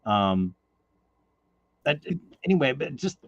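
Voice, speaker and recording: A man's voice: medium pitch, sing-song, slow, gravelly, no echo. A man hosting a casual podcast discussion, talking in a thoughtful, rambling way with lots of fillers, recorded on a dull lo-fi mic. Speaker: podcast host.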